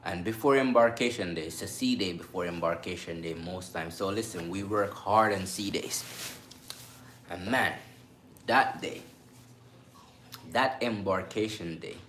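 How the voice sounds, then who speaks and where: A man who works on a cruise ship, telling a story to camera in a casual, animated way and acting out sounds and voices. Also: deep voice. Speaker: cruise ship crew member vlogger. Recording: echoey room with faint background noise.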